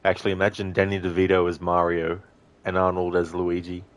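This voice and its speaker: A man's voice: low voice, monotone, a little fast. A man streaming a game, chatting casually with viewers, with frequent fillers and easy laughs. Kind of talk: casual chat reading viewer messages.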